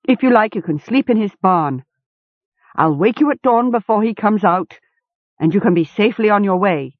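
A woman's voice: mid-range voice, expressive, moderate pace, dry recording, pitched above the performer's own voice, lightly acted. A woman voicing a thin, half-starved male farm hound that is anxious and whimpering, in a storybook reading over a tinny line. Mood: resentful. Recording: tinny phone-like sound.

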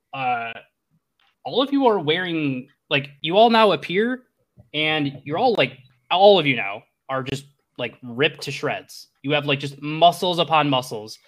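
A man's voice: medium pitch, a bit bright. A man narrating a tabletop game as game master, rambling with many restarts.

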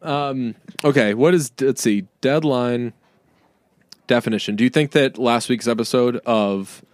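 A man's voice: medium pitch, darkish tone, no echo, studio quality. A man co-hosting a podcast in casual chat, rambling and joking, often acting out other people's lines. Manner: rambling, jokey, quick to mimic people. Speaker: podcast co-host.

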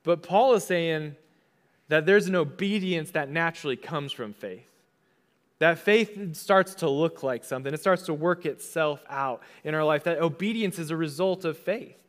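A man's voice: fairly high pitch, moderate pace. A young adult man, a pastor, giving a conversational sermon and casually acting out the voices he quotes.

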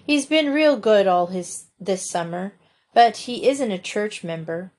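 A woman voicing a gentle, tearful young girl who speaks softly with sighs. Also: medium pitch, animated, a little slow. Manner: gentle, sighing.

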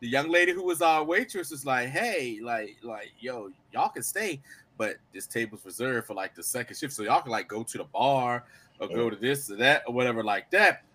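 A young adult man and podcast co-host telling a story in casual chat, animated and laughing. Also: mid-range voice, normal speed.

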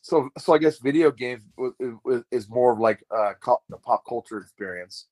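A man co-hosting a casual podcast, chiming in with quick quips and teasing anecdotes. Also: medium pitch, a little mellow, no echo. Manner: jokey, chimes in with quips and anecdotes.

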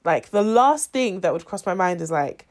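A woman's voice: fairly low pitch, lively intonation, normal speed. Chatty opinionated woman co-host. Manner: chatty, lots of "like" fillers, opinionated. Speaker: podcast co-host. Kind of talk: casual chat reviewing a documentary.

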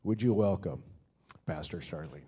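A man's voice: low-pitched, animated, normal speed, very noisy. A man on a church stage introducing his wife, a pastor, before her sermon, speaking of her with admiration. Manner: warm, admiring, plain-spoken.

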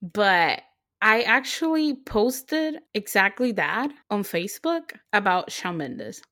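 A young woman co-hosting a podcast, telling a story in a casual, excitable way, full of fillers and restarts. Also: medium pitch, slow pace. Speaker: podcast co-host. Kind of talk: casual chat.

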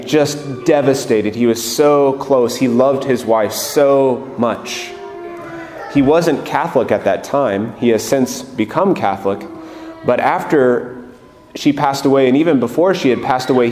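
Earnest priest in an echoing church. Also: male voice, mid-range voice, a little hiss or hum. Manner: gentle, earnest, unhurried. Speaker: Catholic priest. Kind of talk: homily leading prayer. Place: large church. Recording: echoey church, long reverb.

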